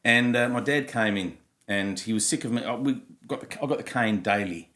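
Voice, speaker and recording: A man in his fifties, originally from Germany, co-hosting a podcast and telling stories in a blunt, animated way, swearing freely. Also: medium pitch, normal speed, a little hiss or hum. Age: 50s. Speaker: podcast co-host. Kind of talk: casual storytelling chat.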